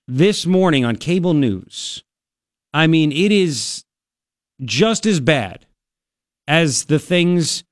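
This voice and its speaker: A man's voice: fairly high pitch, no room sound, clean studio sound. A male talk radio host giving an emphatic, ranting political commentary.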